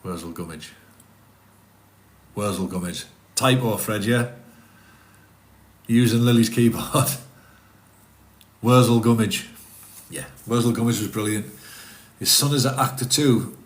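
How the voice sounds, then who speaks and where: A middle-aged man talks in a low voice. He rambles in a casual, chatty way on a live stream, reading out and answering viewers' comments. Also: slow pace, long pauses. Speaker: livestream host reading chat.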